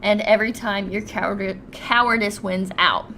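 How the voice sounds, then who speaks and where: A woman's voice: mid-range voice, fairly even intonation, moderate pace, sharp tone, slight background noise. A woman reading a cruel, scornful date. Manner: harsh, scornful insults. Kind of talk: reading game dialogue aloud.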